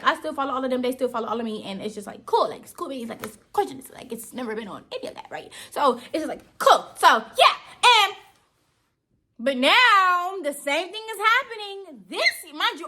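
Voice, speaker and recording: A woman's voice: high-pitched, pushed and bright. A teenage girl from Georgia, telling a story in a chatty, slangy, playful way in a casual vlog. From Georgia, USA. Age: teens. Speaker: vlogger.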